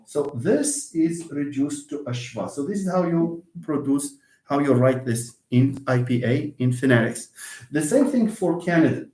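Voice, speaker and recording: A man's voice: a little high, expressive, a little slow, mellow. Hesitant man teaching English. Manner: hesitant, repeats words, many fillers. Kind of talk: live online lesson. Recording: echoey room.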